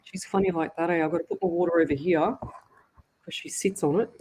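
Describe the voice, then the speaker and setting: A woman's voice: fairly low pitch, steady tone, fairly quick, a little mellow, a little hiss or hum. An Australian woman, a psychic medium, hosting a live show and chatting frankly with her viewers. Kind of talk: casual live-stream chat.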